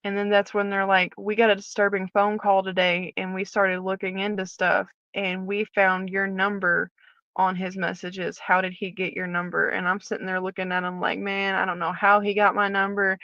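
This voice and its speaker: A woman's voice: medium pitch, little pitch movement, moderate pace, bright, forceful tone, no echo, highs cut off. A woman, a former prison officer, candidly telling her personal story as a guest and acting out the dialogue as she retells it.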